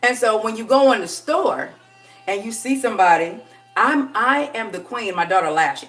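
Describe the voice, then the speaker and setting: A woman coaching on dating in a casual live stream, chatty and sassy, laughing often and dipping into a low voice for effect. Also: lively intonation, moderate pace, a bit bright, recorded from a distance, soft background music.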